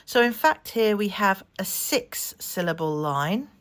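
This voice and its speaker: A woman guiding learners through a poetry lesson, speaking patiently and slowing down to sound out syllables clearly. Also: medium pitch, animated, fairly bright tone. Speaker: teacher. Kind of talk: instructional video narration.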